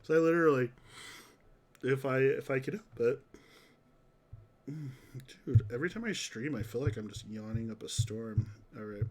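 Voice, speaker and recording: A man's voice: medium pitch, normal speed, pauses often, darkish tone. A man streaming a mobile game live, chatting casually and reacting to his chat, saying "dude" a lot. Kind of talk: casual livestream commentary.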